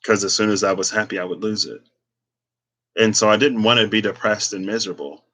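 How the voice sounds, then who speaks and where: A man's voice: fairly low pitch, fairly even intonation, fairly quick, a bit bright. A man giving a casual, reflective talk on spirituality and tarot, meandering with many fillers as he thinks aloud. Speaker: tarot reader.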